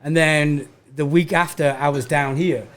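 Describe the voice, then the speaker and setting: A man's voice: on the high side, steady tone, unhurried, a bit bright. A man from England with a Manchester accent, a comedian guest telling blunt, profane stories in casual podcast chat. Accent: Manchester English.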